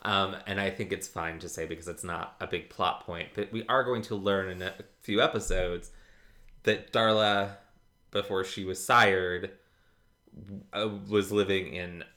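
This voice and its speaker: A man co-hosting a podcast, chatting casually about a TV episode, jokey and quick to laugh. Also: low voice. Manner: laughs often, jokey and animated. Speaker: podcast co-host. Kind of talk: casual chat recapping a TV episode.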